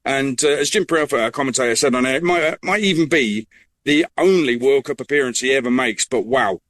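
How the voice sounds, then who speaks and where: A man's voice: medium pitch, fairly quick, fairly bright tone. A man giving post-match radio analysis, enthusiastic and full of praise for the players. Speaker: football reporter.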